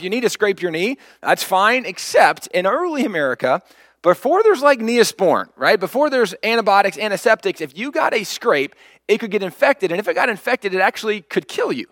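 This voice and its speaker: A pastor preaching, telling a story with lively, acted-out quotes. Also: male voice, high voice, brisk, no room sound, clean studio sound. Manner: animated storyteller, acts out quoted lines. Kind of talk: sermon storytelling.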